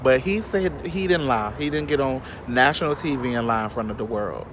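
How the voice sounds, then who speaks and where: A man's voice: medium pitch, brisk, background noise. A man from Chicago giving sassy, shady gossip commentary outdoors, constantly calling the listener "child". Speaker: vlogger. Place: outdoors in sunlight.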